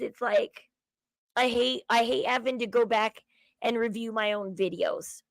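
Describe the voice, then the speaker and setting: Chatty Southern woman, gravelly edge. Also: fairly high pitch, moderate pace, fairly bright tone, no echo, poor audio. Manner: chatty, sensitive, valley-girl talk. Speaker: livestream host. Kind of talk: casual livestream chat.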